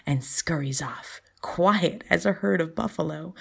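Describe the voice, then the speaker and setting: A woman host reading her own short story aloud, softly and often in a near whisper, with a breathy voice. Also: low voice, a little slow, hardly any pauses. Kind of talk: storybook narration.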